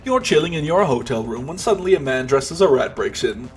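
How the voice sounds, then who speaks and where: A man's voice: mid-range voice, animated, quick pace, faint music behind. A man narrating a comedic role-play game as game master, casual and joking, and he swears freely.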